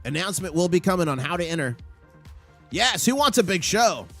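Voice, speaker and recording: A man hosting a live stream with market commentary, excitable and rattling off prices and numbers. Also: high voice, a little fast, soft background music. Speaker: livestream host.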